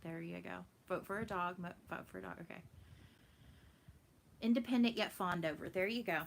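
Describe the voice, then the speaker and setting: A woman with a Texan accent talks at a moderate pace in a lowish, creaky voice, with a little hiss or hum in the recording. As a flosstube host at home, she keeps the live chat casual, laughing and answering viewers.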